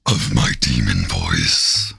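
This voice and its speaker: A man voicing a deep, growling male demon that speaks slowly and teases in a playfully threatening way. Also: lively intonation, bright, forceful tone, heavily acted. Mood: teasing, menacing. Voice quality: gravelly, cavernous low growl. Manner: slow, teasing, playfully threatening. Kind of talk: live-stream character voice.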